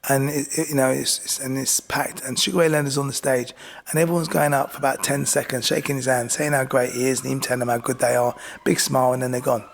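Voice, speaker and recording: A middle-aged man tells his stories with lively energy, keeps checking in with his listener, and has a gravelly, creaky edge to his voice. He speaks at a medium pitch, relaxed and chatty, like a guest on a podcast. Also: fast. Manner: animated, repeats "do you know what I mean". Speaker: boxing coach and podcast guest. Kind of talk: casual storytelling.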